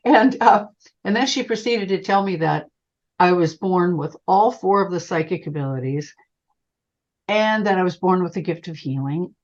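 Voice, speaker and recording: An older woman, a psychic medium, telling a personal story in an interview and calling the listener honey. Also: on the low side. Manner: animated, calls the listener honey. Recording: dull lo-fi sound.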